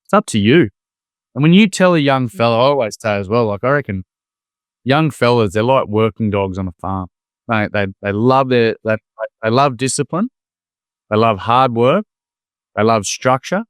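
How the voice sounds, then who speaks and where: Animated Australian man, smooth clear voice. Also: mid-range voice, moderate pace, no echo, studio quality. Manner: animated storyteller, acts out quoted voices. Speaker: podcast guest, former teacher. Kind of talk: casual conversation.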